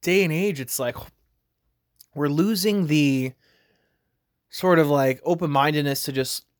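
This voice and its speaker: A man's voice: fairly high pitch, unhurried, no room sound. Man, podcast host, casual rambling commentary, lots of fillers, dry close sound. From United States. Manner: rambling, heavy on fillers like "like" and "you know".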